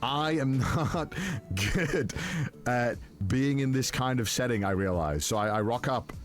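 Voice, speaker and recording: A man's voice: medium pitch, lively intonation, unhurried, soft background music. A man, a YouTuber telling a rambling story in casual chat, full of fillers and restarts. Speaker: YouTuber host.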